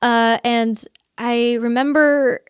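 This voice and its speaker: A woman's voice: on the high side, fairly even intonation, slow pace, clear, resonant tone, no room sound, studio quality. A young woman as an interview guest, telling a personal story in an earnest, chatty way, often quoting her own thoughts and laughing.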